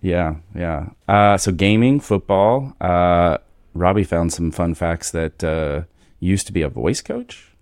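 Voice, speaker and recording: Very deep-voiced man. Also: slow, a little mellow, smooth, no echo, studio quality. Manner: easygoing, laughs often. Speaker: podcast host. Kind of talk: casual interview chat.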